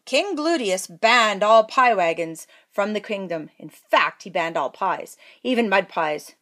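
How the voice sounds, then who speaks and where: A woman's voice: mid-range voice, lively intonation, unhurried, few pauses, fairly bright tone. A woman reading a comic fairy tale aloud, playful with jokey asides. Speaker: storyteller. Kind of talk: playful storybook read-aloud.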